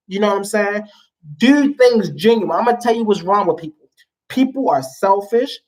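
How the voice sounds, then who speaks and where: A woman's voice: medium pitch, normal speed. A woman guest in casual chat, telling stories emphatically in slang-heavy talk.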